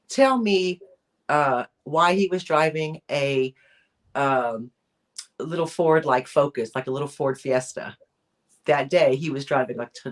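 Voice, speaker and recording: A woman co-hosting a weekly chat, telling a true crime story in a casual, rambling way, with lots of fillers and restarts. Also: sits low. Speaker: co-host of a weekly chat show.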